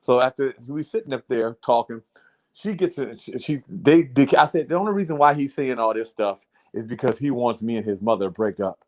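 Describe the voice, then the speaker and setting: A man's voice: mid-range voice, lively intonation, a little fast, darkish tone. A man casually telling a long story to friends in a blunt, profane way, repeating "I said" as he retells it. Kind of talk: casual chat.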